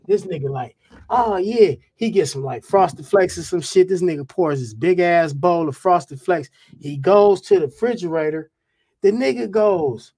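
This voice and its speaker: A man, a guest rapper, telling a profane, animated anecdote in casual talk. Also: sits high. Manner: profane, animated, repeats "you know what I'm saying".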